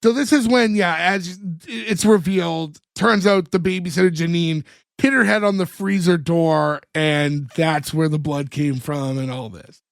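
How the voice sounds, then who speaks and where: A man's voice: a little high, steady tone, unhurried, vocal fry, no echo, clean studio sound. A man co-hosting a podcast, casually recapping an episode and acting out the characters' lines. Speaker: podcast co-host.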